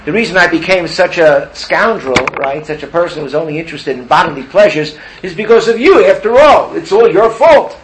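A male teacher voices a self-pitying man begging for someone else to take the blame. His pleas climb high and loud in an indignant whine. Steady background noise hums under the classroom recording. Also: brisk, few pauses, close to an everyday voice, poor audio. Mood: pleading. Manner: whiny, rising, indignant pleading. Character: desperate man pleading, blaming everyone else.

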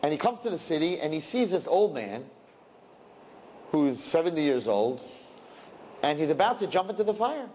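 A man preaching a sermon and telling a story, animated and breaking into loud outbursts. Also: fairly high pitch, normal speed, long pauses, big-room sound, slight background noise.

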